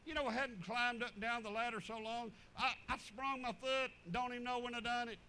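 A man preaching, telling folksy stories in an animated, drawling way. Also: very high voice, a little fast, slight background noise, low-quality recording. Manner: animated, drawling storyteller with chuckles. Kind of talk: folksy sermon storytelling.

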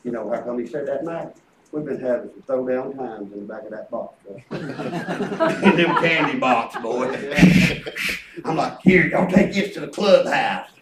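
A man's voice: mid-range voice, a little slow, very noisy. An older man preaching a folksy sermon, telling family stories with chuckles and quoting his grandkids. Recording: echoey room picked up from a distance.

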